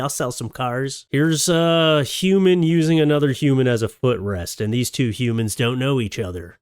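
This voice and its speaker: A man's voice: medium pitch, normal speed, hardly any pauses, clear, resonant tone, no room sound, studio quality. A man giving casual, sarcastic reaction commentary on video clips, chatty and mock-scolding.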